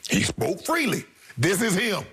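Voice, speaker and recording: A man's voice: high-pitched, huge pitch swings, a little slow, a bit bright, breathy edge. A man co-hosting a sports talk show, arguing emphatically in blunt, slangy debate commentary. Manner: emphatic, blunt, slangy, repeats points for punch.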